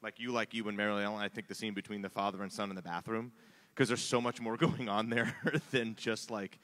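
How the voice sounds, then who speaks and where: A man's voice: lowish voice, steady tone, a little fast, a bit bright. A man in his forties, an actor on a convention panel, chatting enthusiastically about favorite scenes. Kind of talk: casual panel chat.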